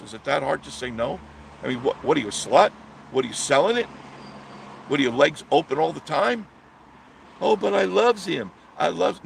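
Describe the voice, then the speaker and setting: Gravelly man ranting on a live stream. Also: on the low side, a bit bright, slight background noise. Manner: blunt, preachy, reading viewer comments. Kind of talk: opinionated live stream monologue.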